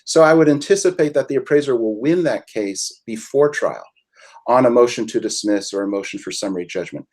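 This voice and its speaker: A male attorney guest on a webinar with a mid-range voice. He talks in a measured way, laying out legal outcomes step by step in plain conversation. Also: mid-range voice, lively intonation, a little mellow.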